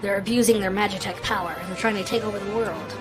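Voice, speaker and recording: A woman's voice: mid-range voice, fairly even intonation, fast, music in the background, close to an everyday voice. A woman streamer voicing a weary male town merchant, reading his lines in a plain, matter-of-fact way. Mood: grumbling.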